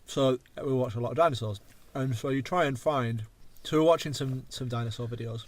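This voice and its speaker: Man, English accent, thirties, rambling podcast host, swears a lot, middle pitch. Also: fairly quick. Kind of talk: casual chat.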